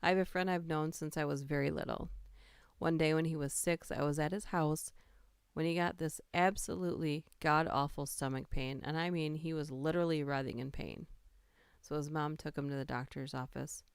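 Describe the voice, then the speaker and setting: Woman stream host, low-ish smooth voice, casual story reader. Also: fairly even intonation, moderate pace, no echo, clean studio sound. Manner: reads funny stories aloud, laughs and greets chat. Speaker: livestream host reading stories aloud. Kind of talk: casual livestream storytelling and chat.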